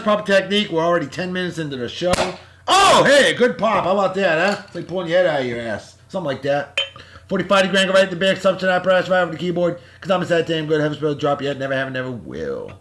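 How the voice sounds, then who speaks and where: A man hosting a casual beer-tasting vlog, talking in a loud, hyped-up, slangy way and sounding short on sleep. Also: on the high side, lively intonation, quick pace, a little hiss or hum. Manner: boisterous, hyped-up, shouty slang-laden praise. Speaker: vlog host.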